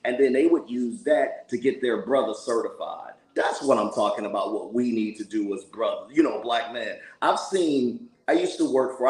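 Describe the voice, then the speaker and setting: A man's voice: medium pitch, a little mellow, roomy sound, rough recording. A man calling into a live audio panel, telling a story in an emphatic, conversational way. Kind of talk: casual live audio chat.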